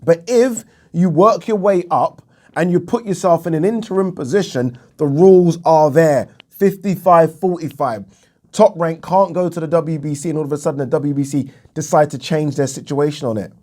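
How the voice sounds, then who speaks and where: A man's voice: on the high side, moderate pace, darkish tone. A man giving a heated solo commentary on boxing, repeating himself for emphasis and swearing freely. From England. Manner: indignant, repetitive, emphatic, swears. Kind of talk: opinion vlog rant.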